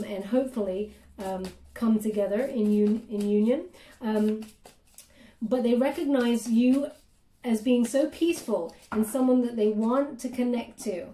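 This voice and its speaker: A woman doing a chatty tarot reading with many fillers, now and then dropping into soft murmured prayers. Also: fairly high pitch. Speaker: tarot reader. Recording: roomy, distant from the mic.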